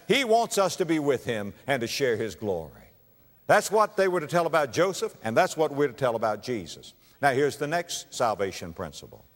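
A man preaching a sermon, dramatic, swinging from hushed tones to loud exclamations in a church. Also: fairly high pitch. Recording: long reverb of a large hall.

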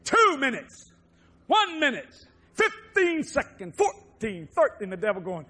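A man preaching a televised sermon, swinging from low murmurs to loud shouting. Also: huge pitch swings, a little slow, a little hiss or hum.

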